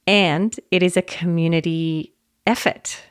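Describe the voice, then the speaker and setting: A woman hosting a solo podcast, talking in a gentle, reflective way and laughing often. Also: on the low side, fairly even intonation, measured pace, clear, resonant tone, no echo, studio quality. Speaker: podcast host.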